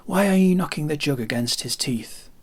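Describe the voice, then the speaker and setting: A man's voice: medium pitch, slow, fairly bright tone, in a whisper, heavily acted. A man voicing a blunt, irritable common soldier speaking angrily. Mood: angry. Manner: gruff, angry.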